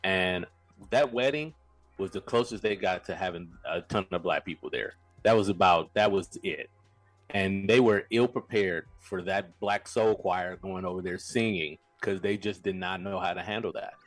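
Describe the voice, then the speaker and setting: Low-voiced man, casual podcast chat. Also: moderate pace, no echo, faint music behind. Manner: stammering restarts, animated. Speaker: podcast co-host.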